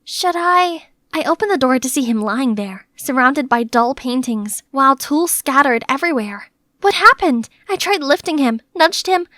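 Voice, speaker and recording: A young woman tells an animated story in the first person with a lively, chatty delivery. Her voice is very high and bright, recorded close and dry with no room sound. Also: moderate pace, hardly any pauses, dry recording. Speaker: narrator.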